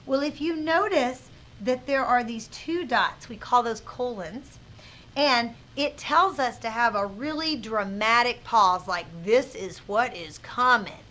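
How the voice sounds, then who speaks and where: A woman teacher giving a reading lesson to children, reading aloud expressively with dramatic pauses. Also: fairly high pitch, a bit bright.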